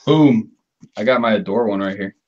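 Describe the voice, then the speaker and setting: A man's voice: fairly low pitch, moderate pace, dull audio. A man teasing his friends playfully on a casual livestream.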